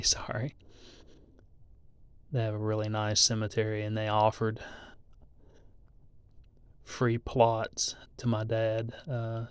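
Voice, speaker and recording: A middle-aged man from southeast Texas, reading his mother's obituary to his viewers in a halting voice, with many pauses and restarts. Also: medium pitch, clear, resonant tone. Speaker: channel host.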